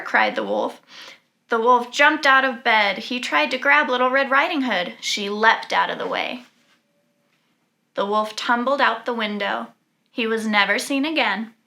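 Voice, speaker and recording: A woman reading a children's storybook aloud in an animated, expressive way. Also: a little high, creaky. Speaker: storybook reader.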